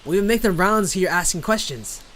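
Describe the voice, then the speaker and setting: A streamer voicing a mysterious male foreign traveler in a put-on American Southern accent, speaking in a slow, grand, theatrical way. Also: medium pitch, animated, fairly bright tone, natural voice.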